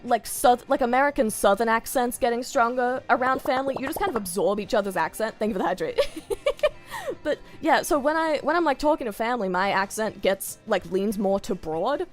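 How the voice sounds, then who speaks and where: A woman's voice: a little high, a little fast, faint music behind. A woman with an Australian accent chatting casually on a stream, giggling often and rambling off on tangents.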